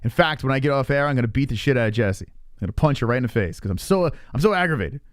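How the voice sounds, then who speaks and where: A man's voice: mid-range voice, animated, quick pace, dry recording, clean studio sound. A man hosting a live stream, chatting casually and teasing his chat with lots of swearing. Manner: profane, teasing, rambling with restarts.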